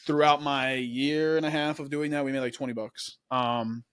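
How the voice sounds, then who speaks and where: A man's voice: mid-range voice, fairly even intonation, moderate pace, fairly bright tone, clean tone, no room sound, studio quality. A young man hosting a podcast, telling his story in a casual, laid-back way, often saying "man" and "dude". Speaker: podcast host.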